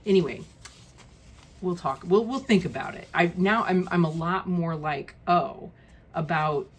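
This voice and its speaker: Speaking a little slowly in a husky, fairly low voice, a tarot creator gives a casual deck walkthrough. She's blunt, gets exasperated easily, and often says um or starts over.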